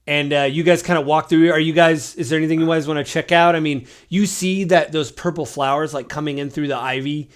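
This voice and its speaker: A man's voice: a little high, steady tone, a little fast, few pauses. Rambling game master, a man. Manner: loose, rambling, full of fillers. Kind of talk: narrating a tabletop game.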